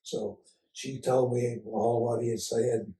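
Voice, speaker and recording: An older man from Oklahoma, telling folksy stories as an interview guest and pausing often on "uh". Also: mid-range voice, steady tone, warm tone. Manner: folksy, unhurried storyteller with frequent "uh" pauses. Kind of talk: casual storytelling interview. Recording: roomy sound from a distance.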